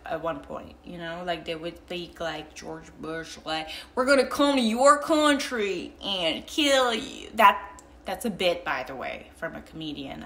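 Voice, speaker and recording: A woman's voice: low voice, vocal fry, bright, forceful tone. A young woman vlogging in casual chat with a mild American accent, rambling with many fillers and restarts.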